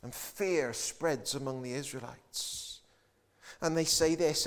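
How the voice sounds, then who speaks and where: A man's voice: mid-range voice, slow. A man preaching a sermon with emphatic delivery, acting out the voices of biblical figures in the quotes.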